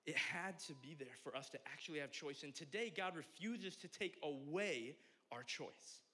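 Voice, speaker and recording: A young man preaching a sermon as pastor, joking and animated, swinging from loud exclamations to quiet asides. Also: a little high, moderate pace.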